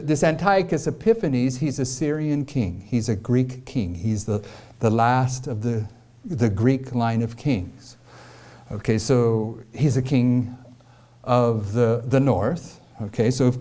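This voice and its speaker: A man's voice: medium pitch, dark tone. A man giving a prophecy lecture, explaining carefully with repeated questions and emphasis. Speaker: preacher.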